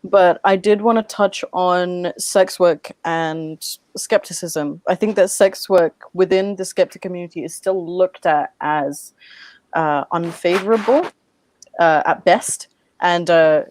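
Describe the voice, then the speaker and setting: A woman who teaches, hosting a casual panel discussion, blunt and quick to swear, laughing between points. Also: on the low side, a little mellow, no echo. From London. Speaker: round table host.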